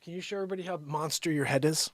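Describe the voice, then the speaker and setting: A man hosting his own daily live stream from home, rambling and joking, jumping from loud bits to whispered asides. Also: a little high, rapid-fire. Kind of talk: unscripted comedic live-stream chat.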